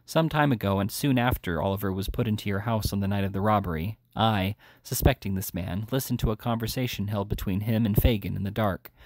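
A man's voice: lowish voice, steady tone, a little fast, few pauses, no room sound, studio quality, natural voice. A man voicing a desperate, ashamed young woman thief, pleading and urgent.

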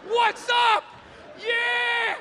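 A man shouting as a hyped-up gorilla. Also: very high-pitched, little pitch movement, drawn-out words, a crowd in the background, background noise, pitched above the performer's own voice, exaggerated voice. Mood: excited. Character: excited young male gorilla, eager and playful. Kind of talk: stand-up comedy.

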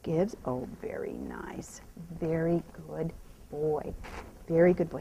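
A woman horse trainer talking out loud while she rides, softly praising the horse and explaining each step. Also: low voice, wildly swooping pitch, slow pace, vocal fry, slight background noise, poor audio. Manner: soothing praise to the horse, mixed with quiet running explanation. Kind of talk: narrating while riding.

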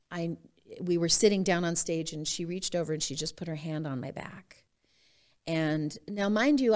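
A middle-aged woman from Utah, a podcast guest telling her personal story in an expressive way and laughing often. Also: low-pitched.

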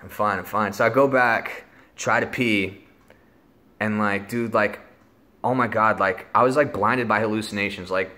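Young male vlogger, low and bright voice, loose rambling storyteller. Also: fairly even intonation, moderate pace. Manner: rambling, lots of filler words and swearing. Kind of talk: casual storytelling.

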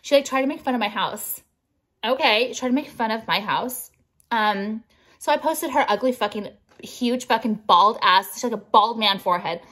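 A woman vlogger vents to her viewers in a combative, profanity-laced rant. Her voice sits fairly high, and she leans on "like" throughout. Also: animated, moderate pace, fairly bright tone. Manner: profane, combative, heavy filler "like". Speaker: jewelry brand owner and vlogger.

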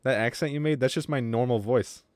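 Male streamer, rambling and jokey, foul-mouthed, dry close sound, mid-pitched. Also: a little fast, darkish tone, no echo. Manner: rambling, joking, swears a lot. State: wheezy breathing from asthma. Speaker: gaming streamer. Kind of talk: casual livestream chat.

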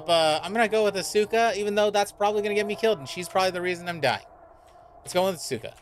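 A man's voice: high voice, racing, slight background noise. A man streaming a horror game in casual commentary, reacting jumpily and swearing often. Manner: jumpy, reactive and profane, with repeated worried remarks.

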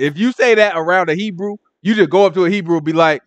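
Male preacher, AAVE speech, lively casual sermon, higher voice, dry close sound. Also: fast, few pauses, no room sound. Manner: animated, colloquial, mimics people in different voices. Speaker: Bible teacher.

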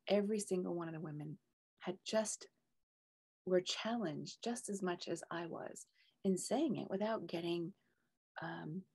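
A middle-aged woman speaks in a casual video talk with a gravelly, husky, lower voice. She tells her story earnestly and drops into soft whispers now and then. She is a coach talking to her group. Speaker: coach and mentor. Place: home room with green screen.

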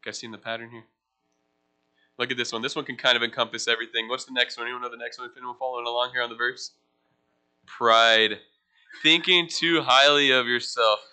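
This young pastor speaks at a medium pitch with fairly even intonation, and his tone is brisk, bright, forceful, clear and resonant. His teaching sermon in church is casual and chatty, full of questions for the room and jokes at his own expense.

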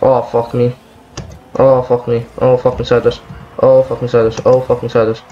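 A man's voice: medium pitch, flat delivery, moderate pace, mellow, muffled recording, faint music behind. A man giving angry gameplay commentary, swearing and ranting about lag as he plays. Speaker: gaming video creator.

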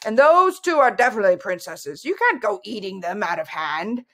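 A woman's voice: medium pitch, animated, normal speed, a bit bright. A woman voicing a reasonable, matter-of-fact dragon in a storybook reading. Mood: reasoning.

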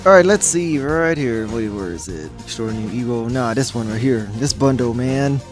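A man's voice: mid-range voice, lively intonation, moderate pace, soft background music. A man giving casual, jokey gameplay commentary as a gaming YouTuber, rambling and easily sidetracked.

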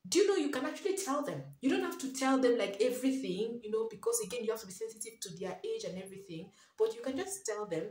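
A woman's voice: fairly high pitch, lively intonation, quick pace, hardly any pauses, a little mellow, recorded from a distance. A mother giving parenting advice to camera in an earnest, emphatic way, repeating her key phrases and pleading with parents. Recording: echoey room.

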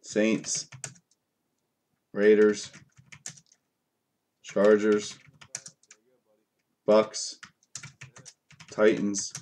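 A man's voice: on the low side, completely flat delivery, very slow, pauses often, a little mellow. Male card break host; frustrated, profane, mutters card names between complaints. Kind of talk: live card break commentary.

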